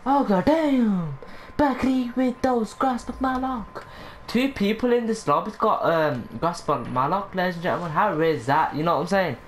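A woman commentating her gameplay, excitable, breaking into high squeals, swearing and catchphrases aimed at her viewers. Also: normal speed, few pauses, a little hiss or hum. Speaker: gaming channel host.

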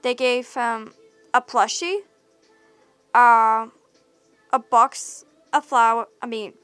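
A woman's voice: a little high, level tone, very slow, fairly bright tone, clean tone, dry recording, faint music behind. A woman narrating a listener role-play story in a casual, rambling way, full of fillers. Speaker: audio role-play creator.

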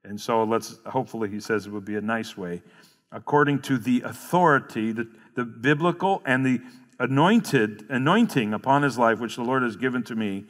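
A man's voice: mid-range voice, normal speed, a bit bright. Earnest male pastor in a reverberant hall. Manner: earnest, explains verses and repeats key phrases. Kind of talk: sermon. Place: church sanctuary.

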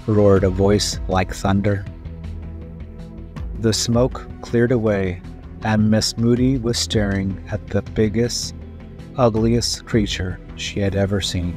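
A man's voice: lowish voice, steady tone, takes it slowly. A man narrating a children's story at a careful storytelling pace. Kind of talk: children's read-aloud narration. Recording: dry voice-over with faint music.

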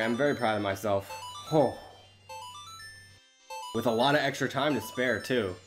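A man's voice: mid-range voice, moderate pace, long pauses. A man giving casual, self-deprecating commentary while playing a video game, thinking aloud as he goes. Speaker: let's play host. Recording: game music behind voice.

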